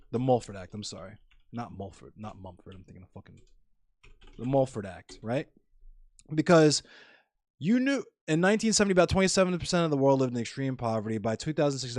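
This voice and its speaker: A man's voice: medium pitch, a little mellow, no room sound, studio quality. A man streaming live, lecturing his chat in a heated, profane political rant.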